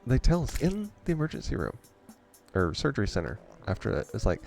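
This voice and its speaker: A man's voice: medium pitch, wildly swooping pitch, a little fast, creaky, darkish tone, faint music behind. A man hosting a gaming channel, rambling through a story in a casual way and chuckling often between remarks. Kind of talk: casual storytelling over gameplay.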